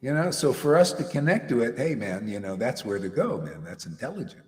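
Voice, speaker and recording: A man preaches in a loose, conversational way, his pitch swinging widely as he jokes, laughs and drops slang. His voice rings out with a long hall reverb behind it. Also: fairly quick. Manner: animated, slangy, laughs often. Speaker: spiritual teacher. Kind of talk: casual devotional talk.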